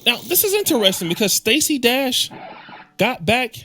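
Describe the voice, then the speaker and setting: A man hosting a pop culture commentary, telling the story with wry, lively asides. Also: very high voice, normal speed. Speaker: commentary host.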